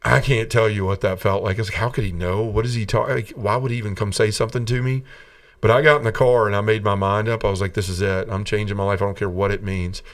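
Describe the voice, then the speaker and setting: Speaking fast in a fairly low voice with mostly even intonation, a middle-aged man from the American South gives his conversion testimony as a podcast interview guest. He narrates earnestly, mimics the people he quotes, and laughs between lines, all captured on a distant mic.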